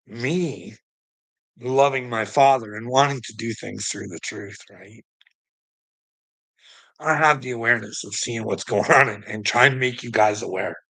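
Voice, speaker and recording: A man's voice: medium pitch, measured pace, creaky, pauses often, sharp tone, breathy edge, no room sound, rough recording. A man livestreaming, talking straight to his chat in a rambling, profane, preachy monologue, chuckling now and then.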